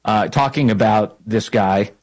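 A man hosting a political talk show, delivering an animated, mocking monologue. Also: a little slow, rough recording. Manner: animated, mocking, acts out quotes in a high voice.

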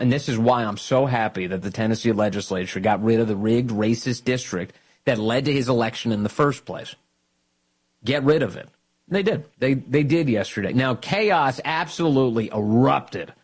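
A man's voice: medium pitch, husky. A man hosting political talk radio, mocking and combative in his commentary. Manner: mocking, combative, animated delivery. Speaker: radio host.

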